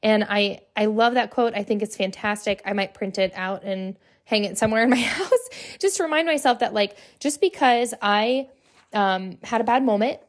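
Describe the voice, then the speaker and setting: A young woman talks through her solo podcast in a loose, chatty way. Her pitch sits in the ordinary middle for a woman, and she keeps checking in with "right?" as she goes. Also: normal speed. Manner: chatty, lots of "right?" and "like" fillers. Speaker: podcast host. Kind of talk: casual solo podcast talk.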